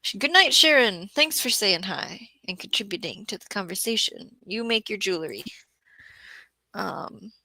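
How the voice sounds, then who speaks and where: Woman streamer, gravelly bright voice, tired, casual gardening chat, close dry mic. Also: mid-range voice, expressive, normal speed, dry recording. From Southeast Florida. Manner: chatty, thinks aloud, frequent throat clearing. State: tired after a bad day. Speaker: gardening livestream host. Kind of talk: casual live-stream chat reading comments.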